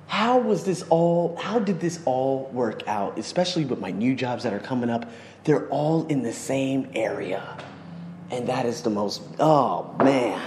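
A man's voice: mid-range voice, darkish tone, a little hiss or hum. A man hosting his own podcast, talking in an effusive, exclamatory vlog monologue. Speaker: podcast host. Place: living in Bangkok. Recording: roomy echo with long reverb.

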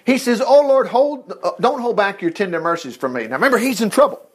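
A man gives an informal Bible lesson. His voice sits high for a man and swings widely in pitch. He jumps between reading scripture and excited asides of his own. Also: fast talker, slightly rough. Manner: animated, reads scripture aloud with asides. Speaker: Bible teacher.

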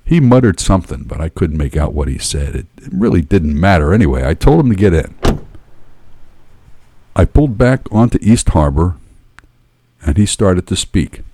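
Dark-toned man narrating a tense story. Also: low-pitched, normal speed, pauses often, slight background noise. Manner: dramatic, wry, animated. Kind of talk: first-person story narration.

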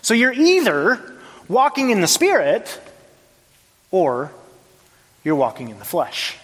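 A man preaching a sermon as pastor, emphatic, with rhetorical questions and big shifts between loud and soft. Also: high-pitched, huge pitch swings, slow pace, breathy edge. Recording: long reverb of a large hall.

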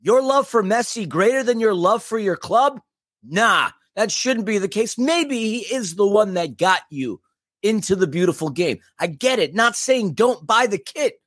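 A man's voice: high-pitched, lively intonation, measured pace, fairly bright tone, dry recording, clean studio sound. A man co-hosting a casual soccer podcast, speaking emphatically and with strong opinions. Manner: emphatic, opinionated fan talk. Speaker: podcast co-host. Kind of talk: casual chat.

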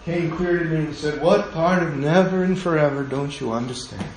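Earnest pastor in a very echoey room. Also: male voice, on the high side, normal speed, slight background noise. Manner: earnest, pleading, softening to a hush in prayer. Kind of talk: sermon and closing prayer. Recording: very echoey room with faint ambience.

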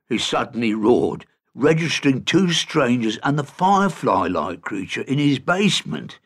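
A man narrating a children's fantasy storybook in an expressive, animated way. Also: medium pitch, moderate pace.

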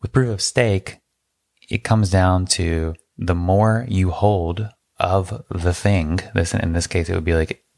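A man co-hosting a podcast, explaining things in a flat, laid-back way during casual chat. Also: sits low, slow, vocal fry, no echo, studio quality. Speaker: podcast co-host.

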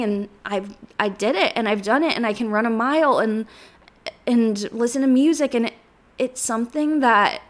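A woman in her twenties hosting her own podcast, talking earnestly in a rambling way and sounding close to tears. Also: fairly high pitch. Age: 20s. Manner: earnest, rambling, uses "like" and "literally" often. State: emotional, near tears. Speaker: podcast host. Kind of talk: solo podcast monologue.

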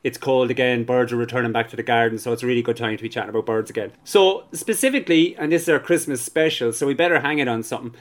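An Irish man presenting a radio chat, relaxed and curious, prompting his guest with questions. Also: medium pitch, rapid-fire, few pauses.

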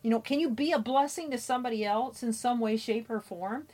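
A woman's voice: a little high, fairly quick, a little mellow. Earnest woman hosting a self-help podcast. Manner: earnest, anecdotal, many fillers and restarts. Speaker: podcast host. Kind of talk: motivational podcast talk.

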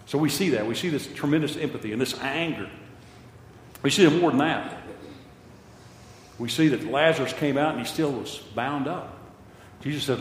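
A man's voice: mid-range voice, moderate pace, pauses often, a little hiss or hum. Older male preacher in an echoey hall. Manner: impassioned, repeats phrases for emphasis. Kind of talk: sermon. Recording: echoey hall with long reverb.

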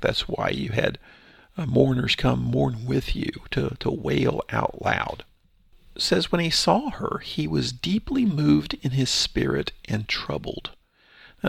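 A man reading Bible verses aloud and explaining them in a relaxed, thinking-aloud teaching style. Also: mid-range voice, vocal fry, husky, no room sound, studio quality. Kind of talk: Bible study commentary.

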